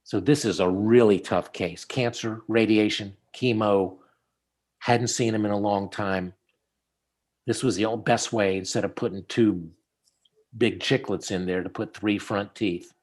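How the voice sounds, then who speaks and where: Low-voiced dentist teaching over a call. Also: male voice, a little slow. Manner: storytelling, animated when quoting people. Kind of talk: casual teaching chat over slides. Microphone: video call.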